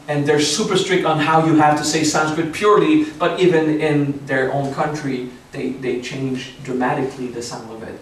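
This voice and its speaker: Man lecturing in a very echoey room. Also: on the high side. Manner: explanatory, often checks in with the audience. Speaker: spiritual teacher. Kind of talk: seminar lecture. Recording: very echoey room, distant mic, faint hiss.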